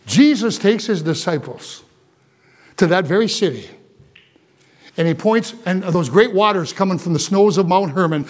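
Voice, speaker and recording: A man preaching a sermon to a morning congregation as pastor. He is animated and full of asides, repeats words and restarts his sentences. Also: high-pitched, normal speed, pauses often.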